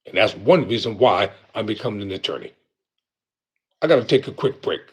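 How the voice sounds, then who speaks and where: A man's voice: lowish voice, lively intonation, brisk, breathy edge. A man hosting a live commentary show, talking angrily and with heavy emphasis, repeating his points for force.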